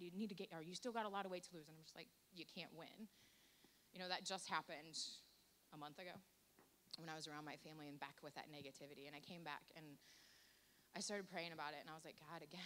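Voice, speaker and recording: A woman with a low voice gives a personal testimony at church, quick, candid and self-mocking. Faint hiss sits under the recording. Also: pushed and bright. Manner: candid, self-deprecating and joking. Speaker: church volunteer giving a testimony.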